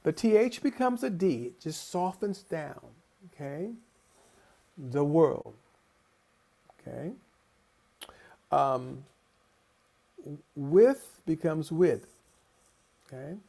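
A man gives a conference talk over a video call, telling his stories slowly and with a gravelly edge. His voice sits a little high, and he brings the people he quotes to life as he speaks. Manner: animated storyteller, acting out quoted voices. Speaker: choral conductor and lecturer. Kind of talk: conference lecture with personal storytelling.

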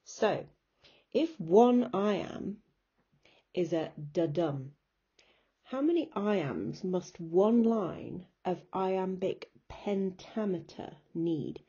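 Slow, husky woman teacher. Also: mid-range voice, expressive, warm tone, highs cut off. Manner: patient, explains step by step and chants rhythms aloud. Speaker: English teacher. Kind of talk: recorded remote lesson.

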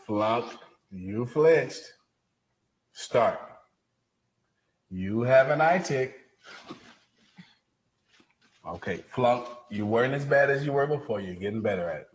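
A man acting as coach in a recorded drill demonstration, slow and mocking as he tries to provoke the student. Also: medium pitch, animated, poor audio. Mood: taunting.

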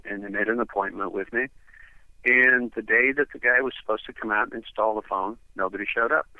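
A man's voice: on the low side, brisk, no echo. A man from the eastern United States, a radio guest telling a long story over the phone in a rambling way, full of fillers. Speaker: radio show guest, ranch owner. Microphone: telephone. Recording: tinny phone line, dry.

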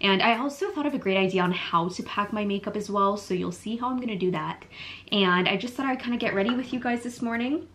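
A woman's voice: mid-range voice, quick pace, fairly bright tone. A woman in her thirties chatting casually to her vlog audience at home, bubbly and laughing often. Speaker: vlogger. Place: home kitchen and vanity.

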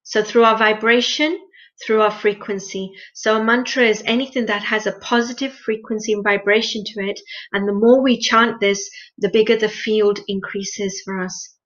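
A woman's voice: mid-range voice, fairly even intonation, moderate pace. Earnest woman teaching meditation, lo-fi sound. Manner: earnest, gently instructive, repeats phrases for emphasis. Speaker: interview guest, meditation teacher. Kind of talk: conversational interview. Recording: lo-fi muffled sound.

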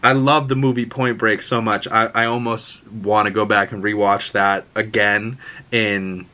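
A man giving a casual vlog movie review, rambling and excitable, swearing freely and packing his talk with fillers. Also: lowish voice, measured pace.

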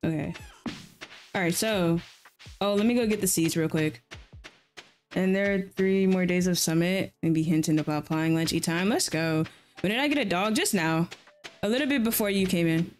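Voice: medium pitch, moderate pace, soft background music. A streamer in casual live-stream chat while playing a game, laid-back and chatty, often repeating slang phrases.

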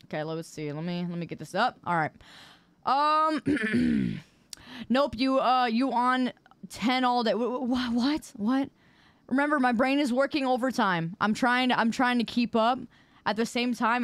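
A woman's voice: medium pitch, moderate pace, long pauses, clean tone, no room sound. Sassy, playful woman streamer. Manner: playful, sassy, mock-indignant back-and-forth with chat. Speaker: live streamer. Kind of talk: casual live-stream chat with viewers while gaming.

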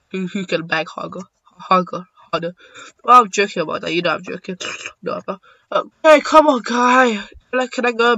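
A young man giving excitable, joking commentary while playing a video game, swearing now and then. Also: high-pitched, no room sound. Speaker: gaming YouTuber. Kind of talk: casual gameplay commentary. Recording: dull lo-fi dry sound.

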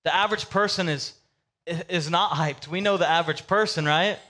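A male pastor preaching a sermon in a casual, animated storytelling way with comic asides. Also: high voice, normal speed.

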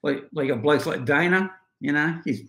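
A man's voice: fairly high pitch, moderate pace, gravelly, roomy sound. A middle-aged Australian man, a guest on a podcast, telling stories in a casual chat with frequent laughter. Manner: storytelling, laughing, animated.

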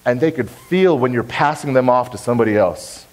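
A man's voice: mid-range voice, fairly quick, rough recording. A young adult man, a pastor, preaching a sermon in a church in an earnest, direct way, repeating key phrases to press the point. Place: church sanctuary.

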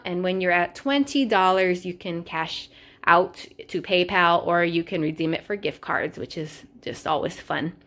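A woman's voice: lowish voice, fairly bright tone. A young adult woman chatting casually through a shopping haul video, upbeat and full of fillers like "um" and "so yeah". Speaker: vlogger.

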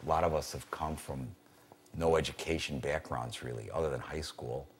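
A male trader telling a profane, animated story in a documentary interview. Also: a bass voice, moderate pace, a little hiss or hum.

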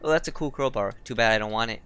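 A man's voice: mid-range voice, fast talker, fairly bright tone, smooth. A young man casually bantering while playing a co-op video game. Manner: joking, laid-back banter. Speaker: gamer recording co-op let's play. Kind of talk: casual gaming chat.

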